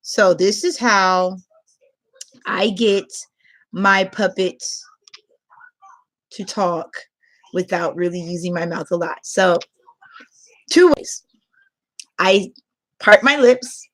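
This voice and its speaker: A woman English teacher giving casual tips in a playful, animated way, laughing often. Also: medium pitch, slow, pauses often.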